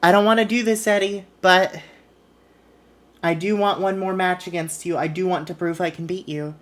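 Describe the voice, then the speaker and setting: A woman's voice: fairly low pitch, fairly even intonation, moderate pace, natural voice. A woman voicing an earnest male wrestler in a sincere, plain way.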